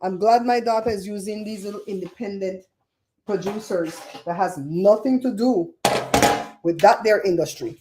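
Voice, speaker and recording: A middle-aged woman hosting a livestream, chatting casually in an animated, gossipy way with frequent laughs. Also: medium pitch, normal speed, slight background noise. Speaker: livestream host.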